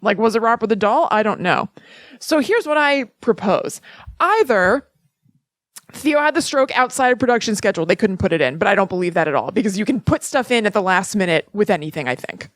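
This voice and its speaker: A woman's voice: mid-range voice, very animated, a little fast, no echo. Giggly, rambling woman podcaster, dry sound. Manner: giggly, rambling, acts out quotes. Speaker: podcast co-host. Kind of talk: casual chat.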